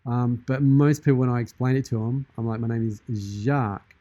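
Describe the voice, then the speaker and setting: An Australian man hosting a live stream in a shark persona, chatting casually and deadpan while reading out viewer comments from his studio. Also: medium pitch, fairly quick, dry recording, muffled recording. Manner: jokey, deadpan, in-character banter. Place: studio with green screen.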